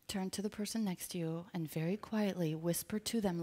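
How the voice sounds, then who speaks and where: A woman business coach giving an energetic motivational seminar talk, drawing the audience in with call-and-response questions. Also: lowish voice, fairly quick, hardly any pauses, slight background noise. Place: live event with an audience.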